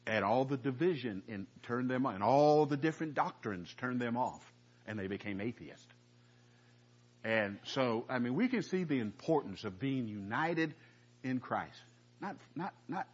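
A man with a husky, breathy voice teaches scripture in a loose, chatty way and often stops to ask his listeners questions. The recording is dull and muffled, like a lo-fi church tape. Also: medium pitch. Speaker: preacher. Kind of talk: conversational Bible teaching.

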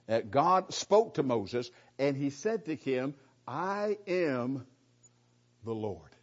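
A man's voice: medium pitch, big pitch swings, slow. A middle-aged man teaching the Bible in a conversational way. He is emphatic, repeats key phrases, asks rhetorical questions and often restarts his sentences with folksy asides. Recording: dull lo-fi recording.

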